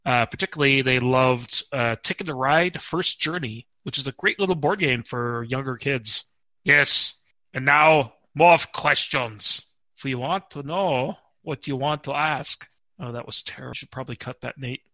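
A man hosting a podcast in casual, chatty conversation, self-deprecating and relaxed, on a close mic. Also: mid-range voice, moderate pace, dry recording, rough recording. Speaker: podcast host.

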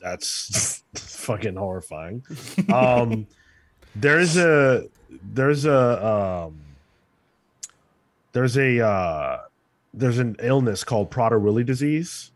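A man chatting casually on a podcast and musing over ideas with many fillers. His voice sits at a middle pitch. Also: expressive, slow, pauses often. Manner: thoughtful, filler-heavy musing. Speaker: podcast co-host. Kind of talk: casual comic book chat.

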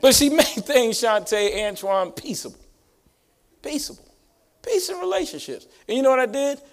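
A man's voice: extremely high pitch, sing-song, normal speed. A pastor preaching a sermon to his church in call-and-response style. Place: church sanctuary.

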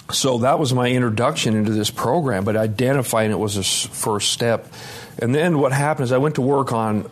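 A middle-aged man telling his own story at a recovery conference, candid and self-deprecating, swearing freely and dropping low and quiet on heavy points. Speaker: recovery meeting speaker. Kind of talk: personal testimony talk. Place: conference meeting room with live audience.

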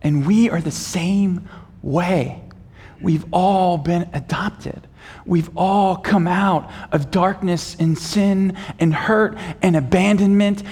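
A man preaching a sermon as pastor, swinging between quiet, measured passages and loud, rising emphasis, calling the congregation to repeat lines after him. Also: high voice. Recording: long reverb of a large hall.

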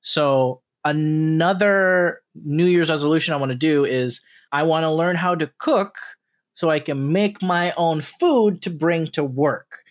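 A young man co-hosting a casual podcast, telling animated stories, swearing and acting out dialogue in funny voices. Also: a little high, measured pace. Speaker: podcast co-host. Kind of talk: casual chat.

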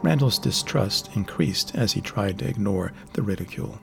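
A man giving steady, measured scripted narration of a fantasy novel. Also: lowish voice, vocal fry, music in the background. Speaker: audiobook narrator.

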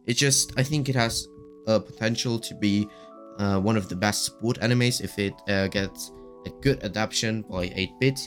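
A man's voice: on the low side, moderate pace, faint music behind. A man hosting a casual solo podcast, gushing and rambling with lots of fillers while his voice keeps cracking. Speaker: podcast host.

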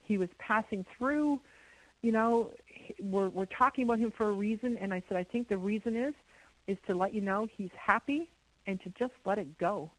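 A middle-aged woman from Canada, a guest in an interview, telling a story in an animated way with many repeated words. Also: mid-range voice, moderate pace, no echo, poor audio. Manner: animated, repeats words, imitates owl hoots.

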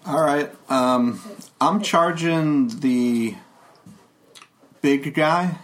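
A woman with a very deep voice plays a tabletop game. She talks in an easygoing way and describes her character's moves in detail. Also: extremely slow. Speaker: player. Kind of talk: casual tabletop game play.

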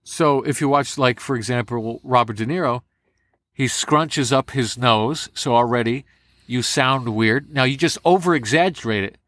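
A man, a voice actor, giving animated, repetitive advice in a casual interview. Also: mid-range voice, moderate pace, dry recording. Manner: animated, demonstrative, repeats for emphasis. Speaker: voice actor guest.

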